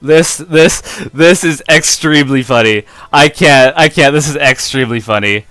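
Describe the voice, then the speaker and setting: A man giving live gameplay commentary in an excitable way, often breaking into helpless laughter, on a close, dry mic. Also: a little high, normal speed, clean tone, dry recording, faint music behind. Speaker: competitive game player and video creator.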